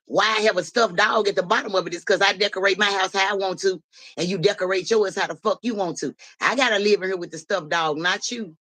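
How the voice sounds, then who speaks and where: A man runs a casual livestream and answers his viewers' comments out loud. He talks bluntly and swears freely, with an animated edge to his fairly high voice. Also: low-quality recording. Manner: blunt, profane, animated, talks back to chat. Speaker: livestream host.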